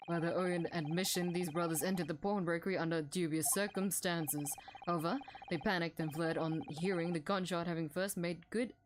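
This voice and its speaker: A woman voicing a cold, formal male prosecutor in a courtroom game, pitching her voice lower and speaking slowly. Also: fairly even intonation, background noise, lightly acted.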